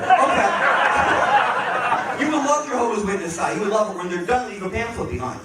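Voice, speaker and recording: Man doing loud stand-up in a club. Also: high-pitched, expressive, fast talker. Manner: punchy, teasing crowd work. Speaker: stand-up comedian. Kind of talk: stand-up comedy set. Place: comedy club stage. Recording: echoey club audio from a distance. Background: audience laughter and room noise.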